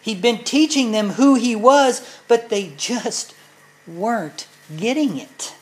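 A woman's voice: on the high side, lively intonation, slow, low-quality recording. A woman teaching a sermon in an earnest, explanatory way, speaking directly to her listeners. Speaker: Bible teacher.

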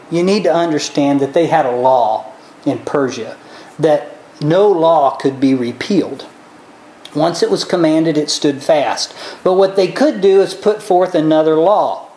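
A woman delivers a sermon at an unhurried pace, retelling scripture in an animated way. She throws her voice high and low as she acts out each character. The room around her is echoey. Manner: animated, acts out characters with big pitch swings. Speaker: preacher. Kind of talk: sermon storytelling.

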